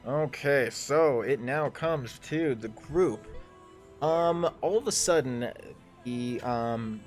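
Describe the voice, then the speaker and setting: A man's voice: mid-range voice, slow, faint music behind. A man narrating a tabletop game as game master in a loose, rambling way, full of ums and restarts.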